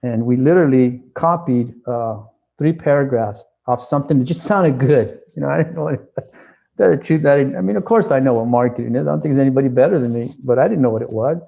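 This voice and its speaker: Gravelly man telling his story. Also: mid-range voice, fast talker, narrow, tinny audio. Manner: acts out dialogue, frequent restarts. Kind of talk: animated storytelling interview.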